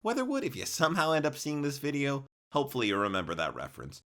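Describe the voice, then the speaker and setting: A young man, narrating a comic storytime in an animated, exaggerated way with jokey asides. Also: mid-range voice, fast.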